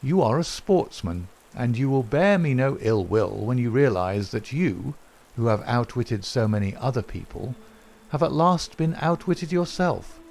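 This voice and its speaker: Guy doing a cool polite detective, dry and ironic, a bit higher and slower than his own voice. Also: expressive, creaky, darkish tone. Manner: measured, courteous and dryly ironic. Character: calm wry gentleman detective, male, middle-aged.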